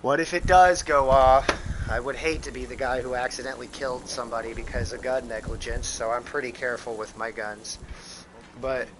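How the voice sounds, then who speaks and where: A man's voice: mid-range voice, steady tone, fairly quick, noisy background. An American man rambling profanely in casual chat while live-streaming a game, full of restarts. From United States.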